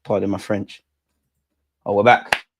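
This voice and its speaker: A young man hosting a live football watch-along, reacting loudly and bantering at the players. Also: on the low side, unhurried. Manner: excitable, shouts at goals, banters at players. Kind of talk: live match reaction commentary.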